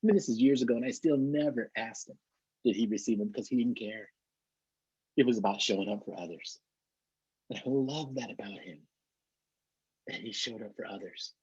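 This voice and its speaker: A man's voice: medium pitch, moderate pace, pauses often, darkish tone, husky, dry recording. A middle-aged man, a trainer, telling a motivational story in an earnest way, often repeating and restarting words. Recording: dull, muffled lo-fi recording.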